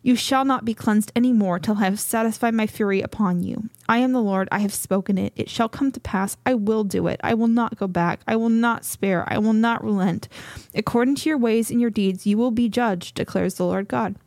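A woman reading scripture aloud as co-host of a Bible study, a little out of breath, in a measured, steady reading voice. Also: mid-range voice, no echo.

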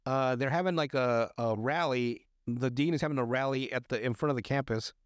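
A man's voice: medium pitch, brisk, dry recording, studio quality. A young man hosting a podcast, chatting casually and crudely with lots of swearing, restarts and fillers. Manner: crude, swears often, rambling with many restarts. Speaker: podcast host. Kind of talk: casual chat recapping a TV episode.

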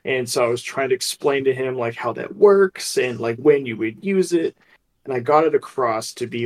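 A man co-hosting a casual podcast who tells anecdotes with animation and plenty of laughter. His voice sits at a middle pitch. He talks in an easy, chatty way. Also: animated, a little fast, a little mellow. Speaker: co-host. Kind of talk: casual storytelling.

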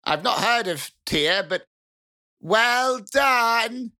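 Grand Squeak, a game master doing a proud chatty mouse queen. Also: lively intonation, drawn-out words, pushed and bright, full character voice. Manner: rambling, casual, indignant.

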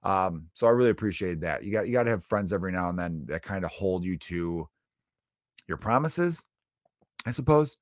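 A man's voice: low voice, animated, normal speed, dry recording, clean studio sound. A man in his thirties, a stand-up comedian, talking in a casual solo monologue that rambles, swears freely and is full of fillers. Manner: rambling and profane, with frequent fillers.

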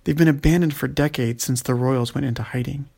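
A man's voice: mid-range voice, steady tone, a little fast, creaky, darkish tone, husky. A man voicing a sly, impatient female elf who lectures her companions.

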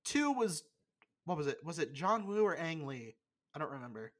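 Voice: mid-range voice, very animated. A young adult podcast co-host in casual chat, blunt and opinionated, swearing freely and stalling with lots of fillers. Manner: loose, halting delivery with many fillers.

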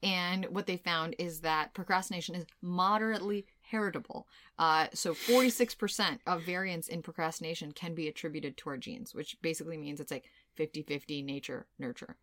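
A woman co-hosting a casual podcast who walks through research with a playful edge. English is not her first language. Her voice sits a little low and is recorded dry and close. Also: steady tone, fairly quick, a bit bright, dry recording. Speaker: podcast co-host. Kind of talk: casual chat.

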